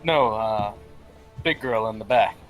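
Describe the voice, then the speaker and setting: A man's voice: on the low side, a little slow, soft background music. A man casually playing his character in a tabletop game, laid-back and a little hesitant. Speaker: player.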